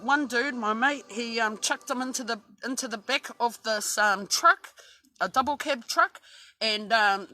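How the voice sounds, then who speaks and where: Swearing heavily and restarting her sentences again and again, an Australian woman rambles through a casual true-crime tale. Her voice sits high, with a sharp tone.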